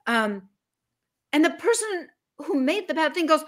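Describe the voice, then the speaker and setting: Lady business coach on a podcast, high-ish voice, super energetic, acts stuff out. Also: measured pace. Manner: energetic, emphatic, acts out little scenes. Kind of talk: podcast interview guest.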